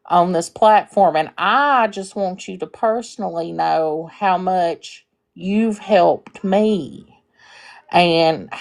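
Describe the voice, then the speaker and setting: A woman's voice: medium pitch, a little mellow. A woman calling in to a live stream, telling a story sincerely with frequent fillers. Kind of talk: casual heartfelt storytelling.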